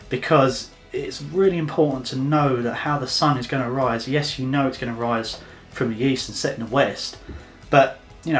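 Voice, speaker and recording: A man's voice: medium pitch, a bit bright. A man giving a casual photography tutorial to camera, chatty and loose, with plenty of fillers and restarts. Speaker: photography vlogger.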